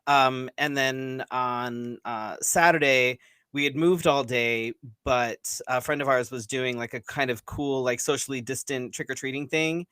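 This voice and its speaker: A man co-hosting a casual live-stream show, telling stories in an easygoing way with plenty of ums and the odd swear word. His voice sits at an ordinary middle pitch. The recording is close and dry. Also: fairly even intonation, a little slow, pushed and bright, smooth, no echo. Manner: laid-back storytelling with frequent fillers and mild swearing. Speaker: co-host.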